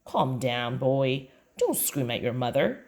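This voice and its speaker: A woman's voice: very deep voice, very animated, slow pace, darkish tone, heavily acted. A woman doing a dry, teasing storybook mom. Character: calm teasing mother, middle-aged. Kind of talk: children's book read aloud.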